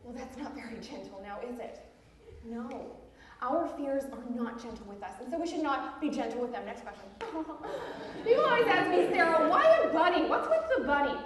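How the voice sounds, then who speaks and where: A woman's voice: high voice, lively intonation, moderate pace, background noise. Woman playing a giggly, pushy self-help author. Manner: giggly, with frequent nervous laughs. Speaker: self-help author giving a book talk. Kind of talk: live stage theatre monologue. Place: theatre stage. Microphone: far room mic in the audience. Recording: echoey, distant theatre hall recording.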